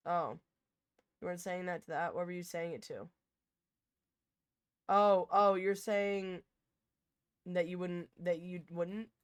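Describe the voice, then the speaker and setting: A young woman streaming and chatting with her viewers, with a slightly low voice and an unhurried, drawn-out pace. She rambles and keeps cutting herself off mid-sentence. Her desk mic sounds close and dry. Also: clean tone, no echo. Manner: rambling, self-interrupting, bursts of loud laughter. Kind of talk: casual chat with chat.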